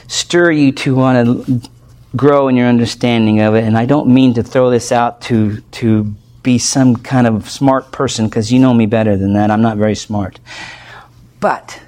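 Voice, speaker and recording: Male pastor teaching a Bible passage, mid-pitched voice, conversational, builds toward fervor. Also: darkish tone. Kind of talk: expository sermon.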